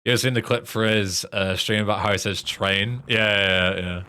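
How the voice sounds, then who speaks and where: A man's voice: lowish voice, fairly even intonation, a little fast, sharp tone, clean tone. A man with an English accent, a game streamer chatting casually and swearing while he plays. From England. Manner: laid-back, sweary, self-mocking. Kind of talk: casual gaming commentary.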